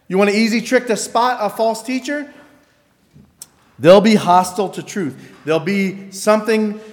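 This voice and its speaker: A man preaches a sermon with a slightly high voice, easy and talkative, acting out little quoted exchanges and circling back on his phrases. His words ring out with the long reverb of a large church hall. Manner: conversational preaching with quoted asides and repetitions. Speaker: pastor. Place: church sanctuary.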